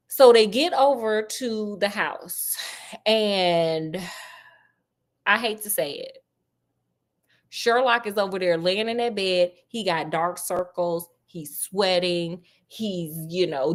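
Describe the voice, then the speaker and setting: A woman's voice: lowish voice, slow pace. A woman casually retelling a classic detective story with slang and teasing asides.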